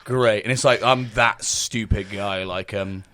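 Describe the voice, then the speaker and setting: A man's voice: fairly low pitch, fairly even intonation, unhurried, bright, forceful tone, dry recording. A young man chatting as a podcast guest, laid-back and self-mocking, full of fillers. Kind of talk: casual podcast chat.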